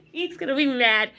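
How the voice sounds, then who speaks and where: A middle-aged woman co-hosting a podcast in casual chat, telling stories with lots of profanity. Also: high voice. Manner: animated storytelling, profane. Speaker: podcast co-host.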